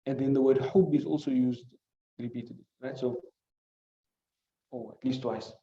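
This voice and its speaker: A man's voice: mid-range voice, steady tone, normal speed. Man teaching hadith, echoey room. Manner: explains word by word, asks rhetorical questions; recites classical Arabic phrases between English. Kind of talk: classroom lesson. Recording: muffled recording in echoey room.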